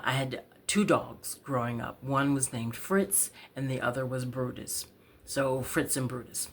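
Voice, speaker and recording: Woman, slow unhurried pace, casual storytelling, relaxed chatty manner, throat a little rough from coughing. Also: very deep voice. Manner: slow, relaxed, chatty with fillers and soft laughs. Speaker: poet and storyteller.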